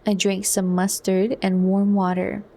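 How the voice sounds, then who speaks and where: A woman voicing a defiant, intense young male outsider in a soft, earnest whispered role-play. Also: high-pitched, completely flat delivery, measured pace, gravelly. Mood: grim.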